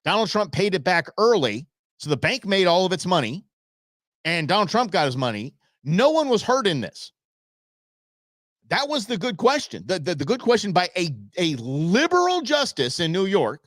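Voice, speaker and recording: A man hosts a live political show from a small studio, sarcastic and loose, dropping into mocking impressions. His pitch leaps up and down as he goes. The sound is close and dry, with no room around it. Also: very animated, a little fast, a bit bright, no echo. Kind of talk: casual live-stream political commentary. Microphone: studio microphone.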